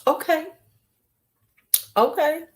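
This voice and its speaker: A woman, chatting casually and bluntly on her beauty vlog, animated and self-mocking. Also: high voice, very slow. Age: 40s. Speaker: beauty vlogger. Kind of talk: casual chat.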